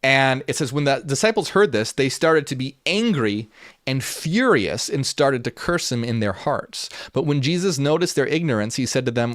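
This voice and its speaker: A man's voice: medium pitch, lively intonation, moderate pace, fairly bright tone, dry recording. Earnest man explaining old texts, dry sound. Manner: earnest, repeats himself, with restarts and fillers; switches between reading passages aloud and casual paraphrase. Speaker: channel host. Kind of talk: unscripted talk reading and explaining ancient texts.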